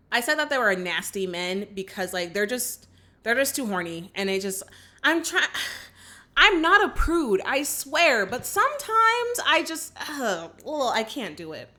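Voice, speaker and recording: Bright-voiced young woman recapping a movie. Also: mid-range voice, normal speed. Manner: animated, acts out characters' lines. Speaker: movie reaction host.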